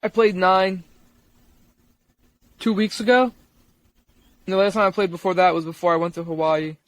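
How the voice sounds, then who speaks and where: A young man with a notably high voice co-hosts a podcast. He talks in a relaxed, rambling way, full of casual slang. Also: normal speed. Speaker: podcast co-host. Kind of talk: casual chat.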